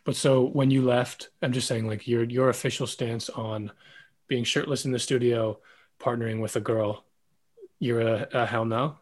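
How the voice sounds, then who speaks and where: A man hosting a podcast, relaxed and chatty, giving easy affirmations while his guest talks. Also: medium pitch, moderate pace. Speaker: podcast host. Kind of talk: casual conversational interview.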